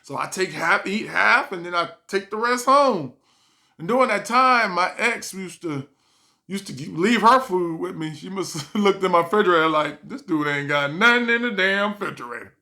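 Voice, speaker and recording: Gravelly, bright-voiced man telling stories. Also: high voice, animated, normal speed. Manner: laughs often, acts out quotes. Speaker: vlogger. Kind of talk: casual storytelling monologue.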